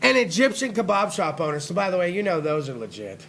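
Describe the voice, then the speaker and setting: A man hosting a live internet talk show, telling a profane, rambling, excitable comedic rant. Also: high-pitched, fast, creaky, crowd noise.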